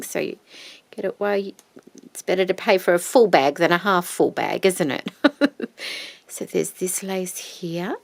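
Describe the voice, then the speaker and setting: A craft vlogger shows off her purchases in a casual show-and-tell, gushing admiringly and frequently dropping to a soft whisper. Her voice is fairly low with vocal fry.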